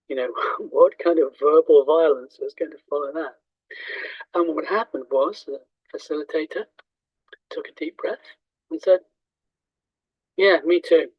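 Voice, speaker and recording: A man in his sixties, his voice sitting a little high, teaches in a reflective, halting manner full of ums and restarts. The recording is dry and close, with a slightly dull, muffled top end. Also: no echo. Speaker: teacher of Chinese metaphysics. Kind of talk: reflective teaching talk with anecdotes.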